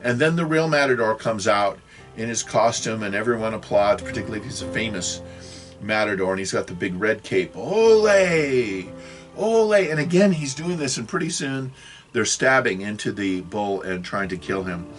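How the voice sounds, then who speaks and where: A man's voice: on the low side, normal speed, fairly bright tone, soft background music. A man in his sixties giving a rambling video lecture, often losing his thread and apologizing. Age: 60s. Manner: rambling, self-correcting, apologetic asides. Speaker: religious video teacher.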